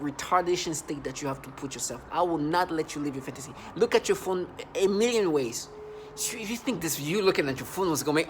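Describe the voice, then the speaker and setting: A man's voice: fairly high pitch, a little hiss or hum. A man vlogging an angry monologue, agitated and repetitive, often stumbling and restarting his sentences.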